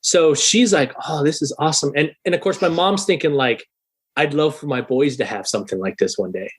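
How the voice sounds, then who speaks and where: A thirty-year-old man telling a story in a casual podcast interview, animated and profane, loudly acting out the people he quotes. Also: a little high, a little fast, breathy edge. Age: 30s. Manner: animated, swearing, acts out quoted voices loudly. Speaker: guest musician.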